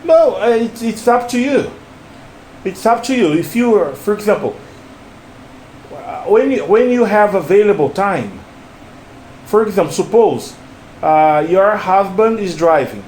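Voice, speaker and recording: A higher-voiced man coaches a student through English phrases, repeating them patiently and stressing the intonation. The room is noticeably echoey, and a faint hiss runs underneath. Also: animated, measured pace, long pauses, darkish tone. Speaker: English teacher. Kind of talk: one-on-one English lesson.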